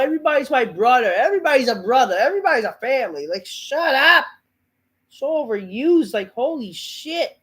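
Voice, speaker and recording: A man's voice: very high-pitched, very animated, fast talker, fairly bright tone, slightly rough, poor audio. A man hosting a wrestling review show, ranting in a profane, exasperated way while feeling under the weather, his voice a bit off.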